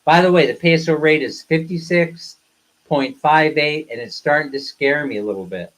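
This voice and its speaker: A man with a slightly high voice hosts a casual live stream. He talks straight at his viewers in a blunt, ranting way, then turns playful and teasing. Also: moderate pace, a bit bright, rough recording. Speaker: live streamer, co-host of a couple's channel.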